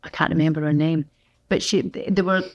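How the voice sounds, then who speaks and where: A woman's voice: low-pitched, fairly quick, lo-fi sound. Scottish lady on a podcast, mid-aged, chatty storyteller, laughs a lot. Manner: lively anecdotal storyteller, laughs often. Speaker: guest actor. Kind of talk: casual podcast chat.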